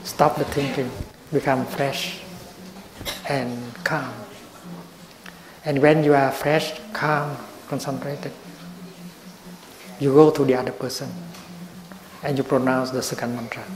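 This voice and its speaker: An older man giving a slow, gentle dharma talk as a Buddhist teacher. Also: mid-range voice, flat delivery. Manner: slow and gentle, with long pauses. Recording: roomy echo.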